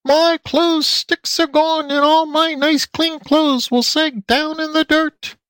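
Fussy squealy pig lady, man doing it, high and slow, dry sound. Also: little pitch movement, a bit bright, dry recording, exaggerated voice. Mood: distressed.

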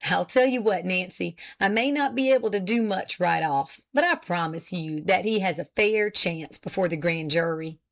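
A woman's voice: lowish voice, moderate pace, few pauses, lightly acted. A woman reading the part of a friendly young man, kindly and coaxing in manner. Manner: kindly, coaxing, laughing easily. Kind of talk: audiobook character reading.

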